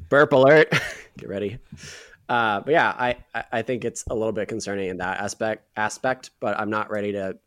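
Low-voiced joking man on a podcast. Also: fairly even intonation, fairly quick, a bit bright, dry recording, studio quality. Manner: teasing, joking, filler-heavy. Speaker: podcast co-host. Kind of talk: casual sports chat.

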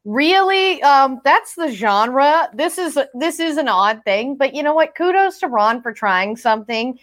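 A woman with a somewhat high voice chats with her co-host in a lively, opinionated way. Her voice jumps sharply upward when she gets exasperated. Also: unhurried. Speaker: podcast co-host. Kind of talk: casual chat about soap operas.

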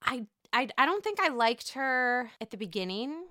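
A woman co-hosting a casual chat about reality TV, animated and swearing freely. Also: on the high side, no room sound, clean studio sound. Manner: animated, profane, does quick impressions.

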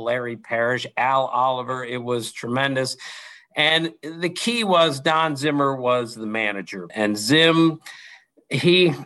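A middle-aged man telling lively anecdotes in an interview, acting out quotes from others. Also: mid-range voice. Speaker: interview guest, baseball writer. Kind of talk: storytelling in an interview.

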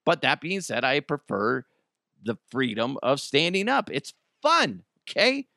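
A man's voice: mid-range voice, wildly swooping pitch, unhurried, vocal fry, pushed and bright, no echo, clean studio sound. A man hosting a casual podcast from home, rambling, joking and riffing. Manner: rambling, jokey, riffing into silly voices. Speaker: podcast host. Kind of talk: casual solo podcast chat. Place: home basement.

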